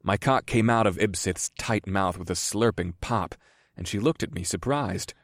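A man narrating a first-person audiobook in a slow, measured reading. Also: low-pitched, no echo, clean studio sound.

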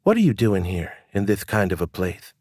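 A man voicing a gentle, toothless young prostitute in a tavern, who talks with a lisp. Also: low voice, big pitch swings, normal speed, slightly rough, dry recording, clean studio sound, heavily acted. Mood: earnest. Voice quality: lisping.

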